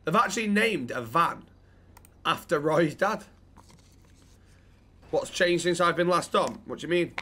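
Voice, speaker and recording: A man's voice: fairly high pitch, expressive, measured pace, long pauses, sharp tone, husky. A man, casually bantering and joking while streaming a roleplay game. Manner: joking, sweary, chats to viewers. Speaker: streamer playing a roleplay character.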